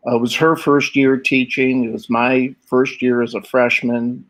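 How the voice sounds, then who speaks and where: Older man, interview guest, animated storyteller, acts out voices, laughs often. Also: mid-range voice, measured pace, poor audio. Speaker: guest artist.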